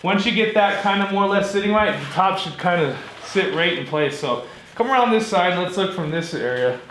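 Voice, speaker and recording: A man with a fairly high voice talks viewers through a repair in a relaxed, chatty way, calling them guys. He sounds like he is working in an echoey garage, and the camera mic picks up faint background noise. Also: a little fast. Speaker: DIY vehicle tutorial host. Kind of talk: casual hands-on how-to walkthrough. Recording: roomy echo with faint noise.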